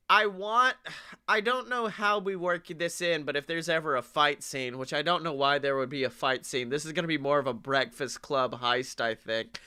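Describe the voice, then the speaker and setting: A man co-hosting a comedy podcast, riffing excitedly and swearing often. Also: fairly high pitch, clean tone. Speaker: podcast co-host.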